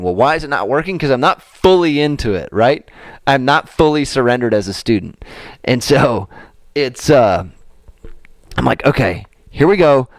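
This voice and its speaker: Golf coach guy on a podcast, mid-pitch voice, gets worked up telling his story, dry close sound. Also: no room sound. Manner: animated storytelling, acting out his own frustration. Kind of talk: casual podcast chat.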